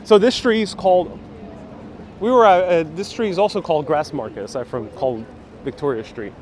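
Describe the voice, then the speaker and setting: A man hosting a live walking tour, talking into a phone as he strolls a busy street. He reads viewer comments aloud and answers them in a relaxed, chatty way, with faint traffic and city noise behind him. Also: on the high side, a little fast. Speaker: travel vlogger. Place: outdoors on a busy old-town street. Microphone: phone held while walking.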